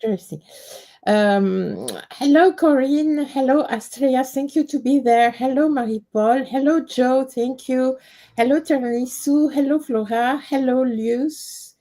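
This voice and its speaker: A woman from France with a French accent, hosting a live stream in English, her second language. She talks haltingly and searches for words. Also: high-pitched, dark tone.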